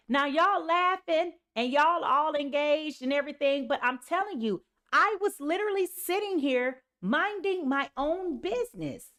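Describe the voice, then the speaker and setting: A woman's voice: high-pitched, lively intonation, measured pace, hardly any pauses, fairly bright tone. A woman reading tarot on a live stream in an emphatic, casual way, often saying "okay" and "y'all". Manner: sings snatches of songs and reads lyrics aloud. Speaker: tarot reader.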